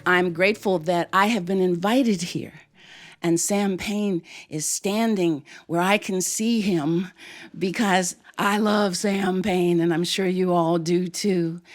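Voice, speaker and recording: An older woman telling a personal story to a live audience on stage, expressive and playful. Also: fairly low pitch, takes it slowly, faint music behind.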